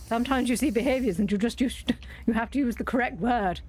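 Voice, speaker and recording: A woman's voice: fairly high pitch, quick pace, darkish tone. A woman with a British accent, bluntly ranting and swearing freely while chatting over a game. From Britain. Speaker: YouTuber playing a game. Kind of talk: casual gameplay commentary.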